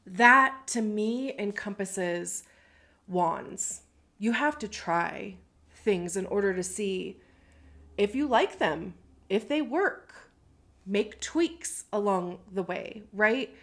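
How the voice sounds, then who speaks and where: A woman giving a casual tarot reading to camera, talking in a reflective way, often pausing to search for words. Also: medium pitch, animated, fairly bright tone. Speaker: tarot reader.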